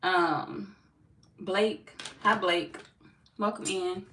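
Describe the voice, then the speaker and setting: A woman hosts a tarot live stream, her low voice a little hoarse and loose with slang and swearing. She sits back from the mic in an echoey room, with a faint hiss underneath. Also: steady tone, drawn-out words, sharp tone, far from the mic. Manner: casual, greets viewers by name, swears freely. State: slightly hoarse, feels she is losing her voice. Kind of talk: casual live-stream chat and tarot reading.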